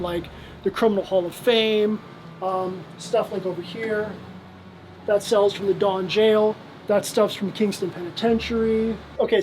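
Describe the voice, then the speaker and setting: A man's voice: high-pitched, a little mellow, slight background noise, rough recording. A man casually telling stories as he shows guests around his collection, rambling with lots of fillers and restarts. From Canada. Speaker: museum owner giving a tour. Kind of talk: casual storytelling tour.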